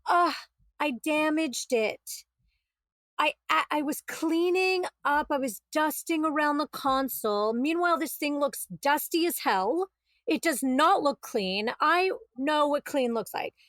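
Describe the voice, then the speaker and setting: A woman, a podcast guest, telling her story in a casual, animated way and acting out what was said. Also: high-pitched, measured pace, dry recording. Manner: animated, quotes herself and others, exasperated retelling.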